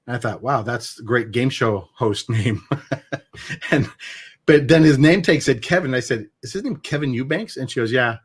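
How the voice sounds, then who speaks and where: A man's voice: mid-range voice, husky. Chatty laughing male host. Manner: chatty storyteller, laughs often. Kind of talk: casual comedy banter.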